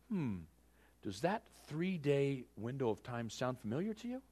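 A male preacher giving a sermon with animated storytelling, speaking straight to his listeners. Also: medium pitch, unhurried, husky.

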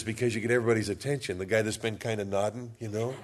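A man's voice: lowish voice, steady tone, very fast. Folksy man preaching a sermon. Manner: conversational, humorous storytelling. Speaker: pastor.

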